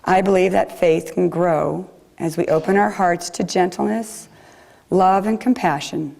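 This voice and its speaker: Brief: woman preacher, gentle and reflective, low voice with a mellow tone. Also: steady tone, measured pace, vocal fry. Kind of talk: sermon. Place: chapel.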